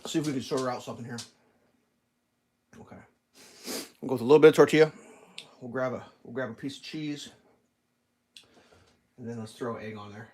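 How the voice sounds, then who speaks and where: A man's voice: mid-range voice, brisk, pauses often, darkish tone. A man vlogging casually while cooking in his home kitchen, rambling and chatting with his dog.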